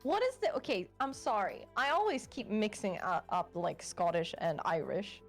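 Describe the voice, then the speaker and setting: A woman guest in a casual chat, animated and giggly, a little self-conscious. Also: medium pitch, moderate pace, faint music behind.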